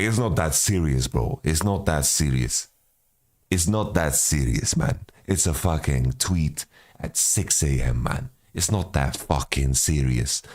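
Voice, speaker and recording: A man's voice: rumbling low, a little mellow. A man streaming a watch party, talking loosely and profanely, calling everyone "bro" as he reacts. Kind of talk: casual reaction commentary.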